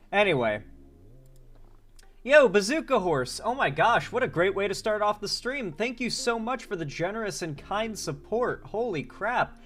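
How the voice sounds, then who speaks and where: A man with a fairly high voice hosts a casual livestream chat. He runs through viewer names one after another, drifts off into rambling asides and trails off mid-thought. Faint music plays under him. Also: a bit bright. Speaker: livestream host.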